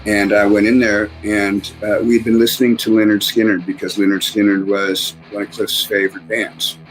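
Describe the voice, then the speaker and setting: A man with a fairly low voice tells an old band story in a loose, casual way. He hums guitar riffs out loud and drops the odd curse. Faint guitar music plays under him. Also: flat delivery, moderate pace, poor audio. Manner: sings riffs out loud, swears freely.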